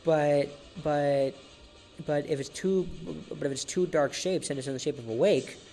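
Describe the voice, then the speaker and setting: A man's voice: on the high side, normal speed, warm tone, soft background music. A man hosting a solo podcast episode, narrating facts in a casual way. He stumbles often, restarts his sentences and repeats words. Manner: chuckles at his own jokes.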